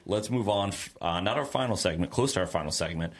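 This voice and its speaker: A man's voice: deep voice, animated, fast talker. A young man co-hosting a sports podcast in a casual, joking, riffing way. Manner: joking, riffing, playful announcer bits. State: getting over a head cold. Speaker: podcast co-host. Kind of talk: casual chat.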